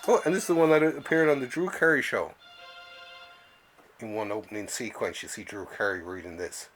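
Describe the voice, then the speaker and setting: A man's voice: on the low side, a little fast. A man hosting a laid-back chat about comic books in a home library. He rambles, restarts his sentences and laughs often. Faint music plays under his voice. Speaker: show host.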